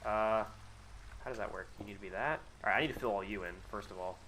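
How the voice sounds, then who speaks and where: A man with a bright, forceful voice talks through a live game stream in casual, rambling chat. He swears freely, mocks himself and teases his viewers while muttering as he builds. A faint hum of noise sits under his voice. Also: on the low side, fast. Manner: swears often, jokes and banters with chat. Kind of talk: casual live gameplay commentary.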